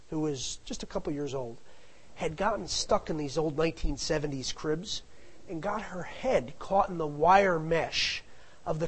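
A man's voice: fairly high pitch, breathy edge, poor audio. A middle-aged man telling a family anecdote in a casual, rambling way, full of asides. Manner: rambling, digressive, with frequent asides. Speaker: storyteller.

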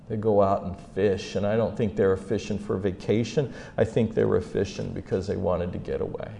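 A man preaching a sermon as a humorous story, acting out the scenes with big jumps in pitch and loudness. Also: creaky, a little hiss or hum.

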